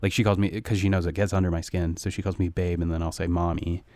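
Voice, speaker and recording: Young male podcast co-host, lowish voice, dry close mic, crude rambling banter. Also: level tone, fast talker, no echo. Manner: rambling, crude and jokey, with sudden loud jumps. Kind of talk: casual chat.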